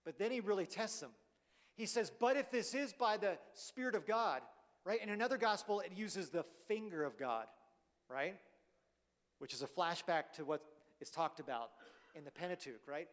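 A man's voice: high voice, animated, moderate pace. Man preaching in a big reverberant hall. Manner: conversational, often asks "right?". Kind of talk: sermon.

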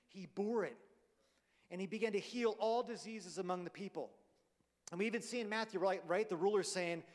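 Man preaching in a big reverberant hall. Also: high-pitched. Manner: conversational, often asks "right?". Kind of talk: sermon.

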